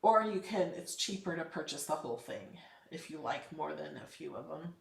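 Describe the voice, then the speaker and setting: A woman's voice: sits low, normal speed, gravelly, roomy sound, recorded from a distance. A woman hosting a casual live craft tutorial, chatty and upbeat, encouraging and emphatic when giving advice. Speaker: craft channel host.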